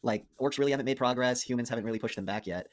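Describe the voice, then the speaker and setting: Male podcast co-host, quick and profane, eager scene-by-scene recapper with a mid-range voice. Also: mid-range voice. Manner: excited scene retelling, swears a lot, throws in quick impressions. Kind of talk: casual movie review chat.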